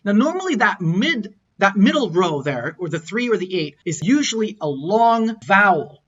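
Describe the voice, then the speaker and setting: A man's voice: high voice, very animated, moderate pace, slightly rough. A man teaching an online lesson over slides, explaining patiently and sounding out tones as examples. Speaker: language teacher. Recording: dull lo-fi audio.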